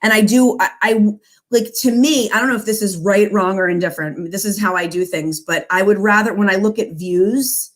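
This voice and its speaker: A woman's voice: mid-range voice, normal speed, poor audio. A woman in her forties hosting a casual live-stream chat over a video call, earnest and reading viewer comments aloud. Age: 40s. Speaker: live show host.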